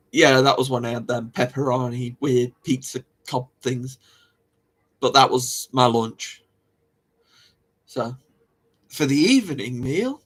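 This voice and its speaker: A man's voice: medium pitch, fairly bright tone, husky. A man hosting a livestream, chatting casually to viewers in a rambling way, often laughing and repeating himself. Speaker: livestream host. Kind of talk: casual chat to live viewers.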